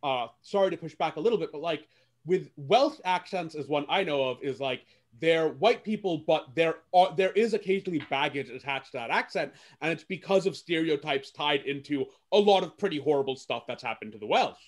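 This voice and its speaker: A man speaking on a panel discussion in a careful, measured, hedging way. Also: a little high, lively intonation.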